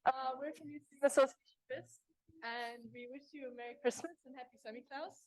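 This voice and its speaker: A woman's voice: high voice, fairly quick, a crowd in the background. A young woman visiting a lecture hall, giving a cheerful festive greeting to the class. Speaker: visiting student group member.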